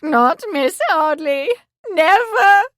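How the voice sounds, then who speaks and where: A woman reading an audiobook, voicing an imperious, hysterical older aristocratic mother who speaks in a shrill, cutting way. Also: normal speed, no echo, clean studio sound, lightly acted. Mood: shrieking.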